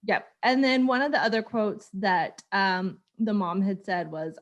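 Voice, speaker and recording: Woman, thirties, casual podcast chat, animated, laughing, medium pitch. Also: a little slow, few pauses. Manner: chatty, laughs often, animated storytelling. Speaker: podcast co-host.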